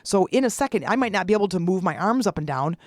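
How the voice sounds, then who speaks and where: Podcast host, 40s, chatty solo talk, does little voices for their stories, mid pitch, dry close mic. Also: expressive, fast talker, no room sound. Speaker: podcast host and public speaker. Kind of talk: casual solo podcast monologue.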